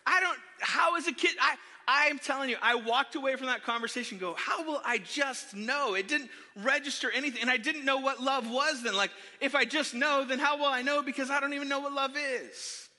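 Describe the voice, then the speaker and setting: A man's voice: very high-pitched, brisk, few pauses. A middle-aged man preaching a sermon, telling funny stories about himself and talking straight to the congregation. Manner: animated, self-deprecating, talks to the congregation. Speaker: pastor. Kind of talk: sermon with personal storytelling. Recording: long hall reverb.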